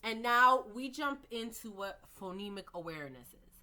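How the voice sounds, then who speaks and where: A woman teaching early reading skills, slowly modelling words and sounds with patient explanations. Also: a little high, expressive, bright, forceful tone. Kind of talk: instructional lecture.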